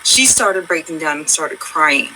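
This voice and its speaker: A woman's voice: low-pitched, animated, measured pace, bright, forceful tone, slight background noise, rough recording. A woman talking straight to her viewers in a rambling, heartfelt pep talk, earnest and reassuring, repeating herself and using many fillers. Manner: conversational storytelling. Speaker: vlogger.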